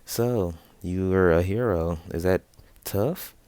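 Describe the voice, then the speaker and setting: A man's voice: sits low, slow, mellow, smooth, no echo. Young man doing a shy, friendly young woman.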